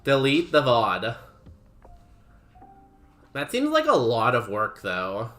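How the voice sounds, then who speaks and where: A man's voice: medium pitch, wildly swooping pitch, slow pace, a bit bright, soft background music. A young man streaming a game, chatting casually with his viewers, laughing often and saying "like" a lot. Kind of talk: casual chat while playing a game.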